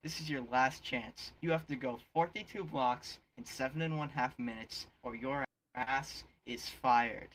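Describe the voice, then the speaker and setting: A man's voice: mid-range voice, unhurried, a bit bright, natural voice, poor audio. A man playing a stern middle-aged pizza shop owner who scolds an unreliable delivery boy. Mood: scolding. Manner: scolding, exasperated.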